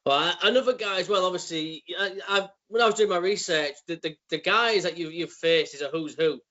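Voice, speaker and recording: A male co-host with a fairly high voice asks his questions in a halting way and stumbles over repeated words. He comes through a video call. The sound is dull and lo-fi. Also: bright, forceful tone. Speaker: podcast host. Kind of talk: casual interview questions.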